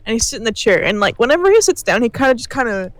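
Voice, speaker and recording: A woman's voice: on the high side, very fast, dry recording. A young woman co-hosting a gaming channel, telling a story over gameplay with lots of laughter and swearing. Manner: animated, laughing storyteller who swears freely.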